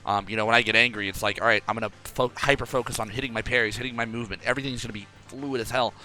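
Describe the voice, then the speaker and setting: A young man coaches in a very bright, sharp voice, talking in a loose, animated way and acting out his own thoughts mid-sentence. Faint music plays under the call. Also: mid-range voice, racing. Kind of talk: casual coaching talk.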